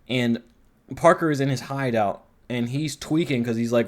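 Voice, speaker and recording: A man in casual review commentary, rambling along with frequent swearing. His pitch sits mid-range and he jumps between excited and deflated. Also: moderate pace. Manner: rambling, profane, animated.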